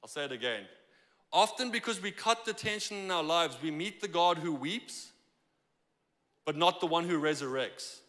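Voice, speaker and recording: A man preaching a sermon in a church, conversational and animated, acting out the lines he quotes. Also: fairly high pitch, moderate pace, long reverb tail. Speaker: pastor. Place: church sanctuary.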